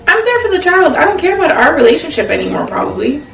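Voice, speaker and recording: A woman's voice: high-pitched, sing-song, fast, vocal fry. A woman, co-hosting a casual relationship chat over a meal, chatty and full of "like" fillers. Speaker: co-host of a couple's channel. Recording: echoey room, mic at a distance.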